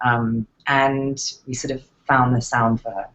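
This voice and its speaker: A woman's voice: extremely low pitch, level tone, unhurried, fairly bright tone, low-quality recording. A woman with an English accent, answering interview questions thoughtfully, with frequent fillers and restarts. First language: English accent in real speech. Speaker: actress interviewed as guest.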